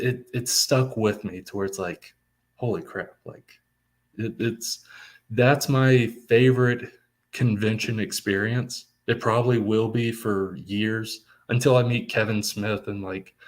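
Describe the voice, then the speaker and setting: Young male guest, low-ish voice, eager storyteller, heavy on fillers. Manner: excited, many fillers like "like". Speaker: comics writer, guest. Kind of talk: casual storytelling.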